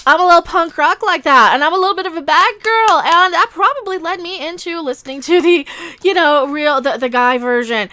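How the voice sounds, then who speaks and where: High, bright-voiced woman ranting. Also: a little fast. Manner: emphatic, repeats "no" forcefully. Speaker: commentary channel host. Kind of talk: ranting opinion vlog.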